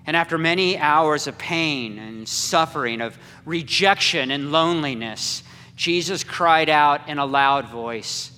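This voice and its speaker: Slow dramatic preacher man in an echoey hall. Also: on the high side. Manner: slow and dramatic, swinging from loud to hushed. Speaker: pastor. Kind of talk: dramatic sermon storytelling. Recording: echoey hall with long reverb.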